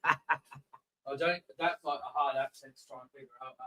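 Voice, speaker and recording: A man's voice: mid-range voice, fairly even intonation, fairly quick, sharp tone, poor audio. A man joining a livestream, bantering playfully with the host. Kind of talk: casual banter.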